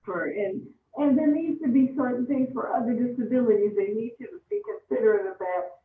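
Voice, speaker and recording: Woman, pleading public comment, deliberate pace, phone-quality audio, echoey. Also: on the high side, slight background noise. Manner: earnest and pleading, slowing down deliberately. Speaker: public commenter and advocacy board member. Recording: tinny, echoey phone line from a distance.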